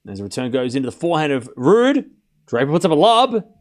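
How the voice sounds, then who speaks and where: Male streamer doing casual tennis play-by-play, fairly high voice with lively swings in pitch, quick jokes between points. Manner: excitable, joking asides between points. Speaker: watchalong host and commentator. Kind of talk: live play-by-play stream commentary.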